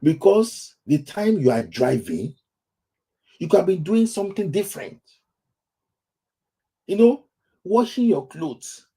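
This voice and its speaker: A man's voice: high voice, very animated, slow, long pauses, warm tone, slightly rough. A Nigerian man hosting a football talk stream, speaking in a lamenting way and repeating his phrases over and over. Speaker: football talk show host. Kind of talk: casual live-stream commentary.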